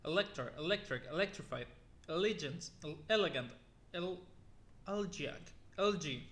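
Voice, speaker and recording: A young man plods through a long list of words, one after another, sometimes tripping and starting a word over. His voice sits a little high for a man. The sound bounces around an echoey room. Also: lively intonation, normal speed, fairly bright tone. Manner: plodding word-by-word reading with restarts and weary asides. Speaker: YouTuber. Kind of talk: reading a word list aloud.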